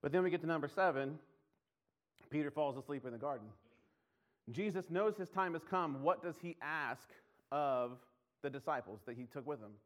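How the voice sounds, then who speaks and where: A man's voice: fairly high pitch, moderate pace, long pauses. A man preaching a conversational sermon, often laughing and acting out scripture lines in his own voice.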